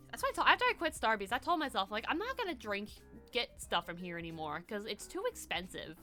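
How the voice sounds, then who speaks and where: A woman's voice: a little high, very animated, fast talker, bright, forceful tone, soft background music. A young woman from the US East Coast, a streamer chatting casually, rambling with lots of "like" and swearing. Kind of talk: casual chat.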